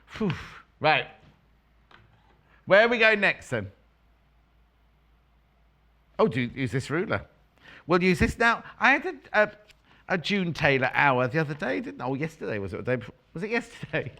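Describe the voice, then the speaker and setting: A woman's voice: deep voice, big pitch swings, normal speed, long pauses, pushed and bright. A middle-aged woman presenting a live TV sewing demonstration as a quilting expert, chatty and bantering with crew and viewers.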